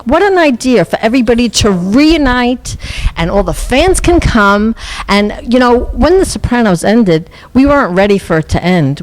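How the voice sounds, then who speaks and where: Lively, high-voiced woman interviewer. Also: rough recording. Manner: enthusiastic, gushing questions. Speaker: TV host, interviewer. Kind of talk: casual interview.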